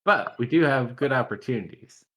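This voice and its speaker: A man's voice: medium pitch, lively intonation, normal speed, a bit bright. A man narrating as game master in a tabletop game, loose and full of fillers.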